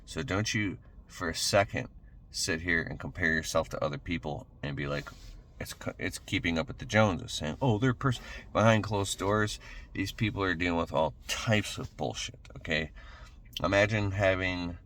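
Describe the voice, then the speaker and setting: A man's voice: low-pitched, normal speed, fairly bright tone, a little hiss or hum. A man giving an emphatic motivational monologue, blunt and casual, swearing now and then. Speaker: motivational speaker.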